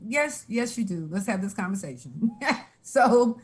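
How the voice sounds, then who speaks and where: A woman with a somewhat high voice gives health advice in a casual chat. She speaks frankly and with emphasis, and laughs now and then. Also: big pitch swings, normal speed, fairly bright tone, slightly rough. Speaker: health guest.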